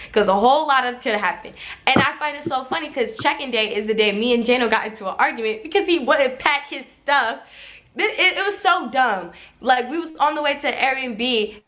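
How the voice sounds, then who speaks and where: A woman's voice: a little high, sharp tone. A young woman heatedly retelling a personal story, swearing and quoting what others said.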